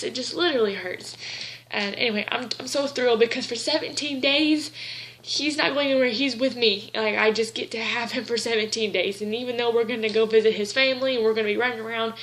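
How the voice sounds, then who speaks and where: Chatty bright-voiced woman. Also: fairly high pitch, quick pace, a little hiss or hum, low-quality recording. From Southern United States. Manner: chatty, rambling, gushing. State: tearful. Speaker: vlogger. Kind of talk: casual chat to camera.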